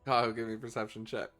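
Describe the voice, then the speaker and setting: A woman running a tabletop game as game master, asking for rolls in a lively way. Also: extremely low pitch.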